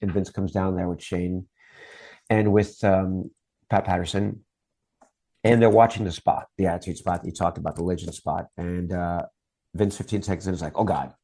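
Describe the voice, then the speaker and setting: A man's voice: deep voice, fairly even intonation, moderate pace, dark tone, husky. A middle-aged man, a guest on an interview show, telling long stories about his work in TV promos in a casual chat style. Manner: long anecdotes, acts out quoted voices.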